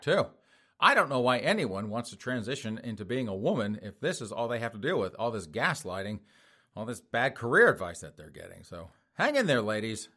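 A middle-aged man hosts a talk show podcast, reading news items in a sharp, medium-pitched voice and mocking them with sarcastic commentary while laughing at his own jokes.

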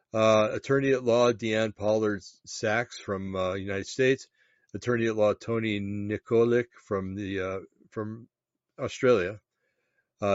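A man casually talking through a web page on screen, pausing often with ums and restarts. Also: on the low side, no room sound. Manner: halting, many ums and restarts. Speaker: vlogger reading a web page aloud. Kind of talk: casual screen-share commentary. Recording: dull, lo-fi, dry sound.

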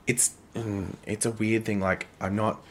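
Man, thirties, low-ish voice, blunt, crude, swearing, casual podcast chat, faint background noise. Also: level tone, unhurried. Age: 30s. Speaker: podcast co-host.

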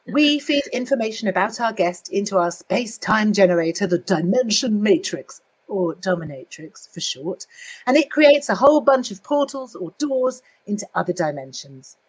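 A woman's voice: mid-range voice, expressive, moderate pace, breathy edge, poor audio. A Scottish-born woman with a posh, barely Scottish accent, co-hosting a podcast with dry, self-mocking humour. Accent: posh, mostly neutral British with slight Scottish. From Scotland. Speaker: podcast co-host. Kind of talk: casual podcast chat.

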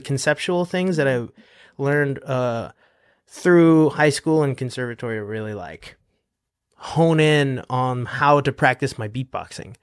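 A man's voice: medium pitch, no room sound, studio quality. A man in his thirties, a guest on a podcast, chatting casually and laughing often. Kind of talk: casual interview chat.

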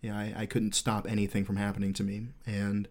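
A man's voice: fairly low pitch, completely flat delivery, fast, darkish tone. A man in his thirties hosting a podcast, telling a rambling, candid war story full of swearing. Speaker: podcast host.

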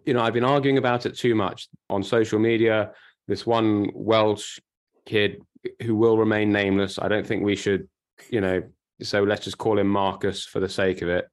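Casting: male podcast co-host, lowish voice, emphatic, chatty, repeats himself mid-thought. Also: little pitch movement, normal speed. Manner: talkative, emphatic, with frequent restarts. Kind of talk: casual chat.

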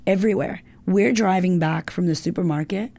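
A middle-aged woman with a gravelly, mellow, fairly low voice talks a little fast as an interview guest. She tells her own life story candidly and emotionally, swearing freely.

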